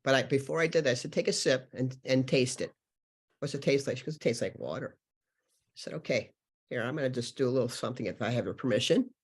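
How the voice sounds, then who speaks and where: This man, a healer and channeler appearing as a guest on a spiritual interview podcast, speaks quickly in a mid-range voice with a breathy edge. He tells his stories earnestly, wandering off track and using plenty of filler words.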